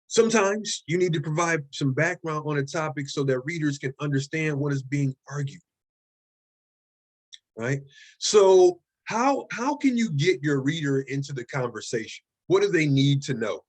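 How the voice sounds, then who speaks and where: A man teaching a college writing class, lecturing casually and checking in often with "okay?" and "right?". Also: fairly high pitch. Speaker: writing instructor.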